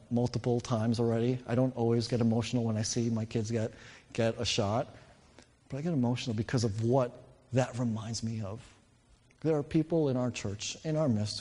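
Male pastor, 30s, earnest emphatic storyteller, mid-pitched voice, church reverb. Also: a little mellow. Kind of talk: sermon. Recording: reverberant hall.

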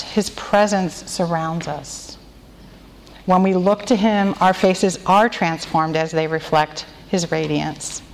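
A woman with a slightly low voice leads a devotional talk, gentle and prayerful, slowing right down on the phrases she wants repeated. Her voice rings out with a long reverb, as if spoken in a large hall. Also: slight background noise. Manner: gentle, slow and prayerful, stretching key phrases. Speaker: women's retreat speaker. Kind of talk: devotional talk with group responses.

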